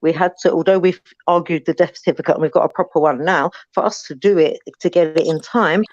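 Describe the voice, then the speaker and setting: A woman, talking in an animated, emphatic way in a casual group discussion and often talking over the others. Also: on the low side, quick pace, no echo. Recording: dull lo-fi sound.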